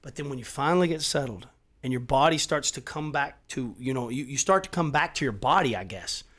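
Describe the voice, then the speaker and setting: Man, middle-aged, casual chat, emphatic, profane, animated. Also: medium pitch, fairly quick.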